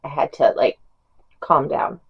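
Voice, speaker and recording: A woman's voice: low voice, a little slow, slightly rough, lo-fi sound. A middle-aged woman chatting casually as a book reviewer, rambling with fillers and small laughs. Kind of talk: casual chat.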